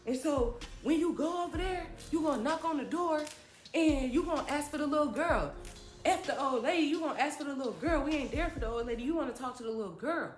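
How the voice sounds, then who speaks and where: A man's voice: very high voice, fast, reverberant, soft background music, voice pushed up. A woman voicing her protective teenage big brother, brash and insistent, with a New Jersey accent. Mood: bossy. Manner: brash, insistent slang, pushy.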